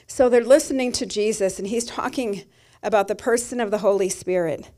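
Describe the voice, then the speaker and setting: A woman's voice: medium pitch, a little fast, hardly any pauses, dark tone. A middle-aged woman pastor giving a sermon, telling a personal story in a tender, emotional way.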